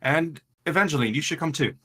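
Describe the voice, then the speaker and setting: A man voicing Raylan, a calm grown leader in a tabletop game, speaking in a measured, earnest way. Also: fairly high pitch.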